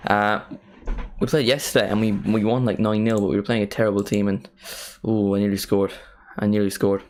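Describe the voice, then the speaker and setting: Low-voiced Irish lad, rambling stream chat. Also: male voice, level tone, brisk, darkish tone. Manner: rambling, chatty and self-mocking. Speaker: football streamer hosting a watchalong. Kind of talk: casual live-stream chat.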